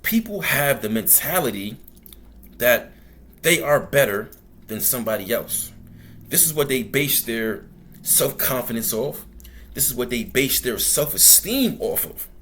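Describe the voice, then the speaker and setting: A man's voice: mid-range voice, expressive, a little slow, fairly bright tone, a little hiss or hum. A man hosting a commentary show, talking bluntly and profanely in a loose storytelling ramble. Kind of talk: casual commentary monologue.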